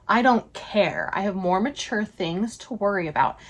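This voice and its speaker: A woman quoting an indignant young woman on the marriage market, with slow, loud, emphatic retorts. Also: medium pitch, expressive.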